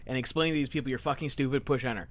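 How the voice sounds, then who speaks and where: A man's voice: medium pitch, steady tone, rapid-fire. A man co-hosting a casual podcast, telling stories in a crude, profane, ranting way. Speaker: podcast co-host.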